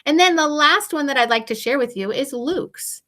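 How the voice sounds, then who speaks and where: A woman music teacher giving a recorded video lesson to young children, bright and sing-song, encouraging, with playful exaggerated wonder. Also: high voice, lively intonation, normal speed.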